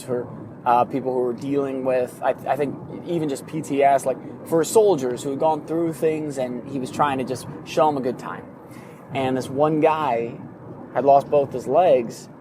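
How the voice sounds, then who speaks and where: A man's voice: mid-range voice, noisy background. Man telling a story on his morning commute. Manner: animated retelling, acts out quoted voices, laughs at himself. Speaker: podcast host. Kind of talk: casual storytelling monologue. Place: in a vehicle during a commute.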